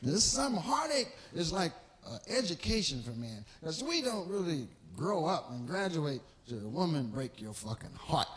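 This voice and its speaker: A man's voice: on the high side, big pitch swings, moderate pace, few pauses, a bit bright. A man in his forties doing a live stand-up comedy routine, telling loose profane stories and acting out the people in them. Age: 40s. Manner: profane, loose storytelling that acts out characters. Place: live stage show.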